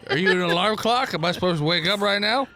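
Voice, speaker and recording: A man's voice: high-pitched, animated, fast, bright, forceful tone, pitched above the performer's own voice. A man voicing a drunk male tavern patron in a tabletop game, slurred and baffled. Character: drunk male townsman, sloppy and easily swayed.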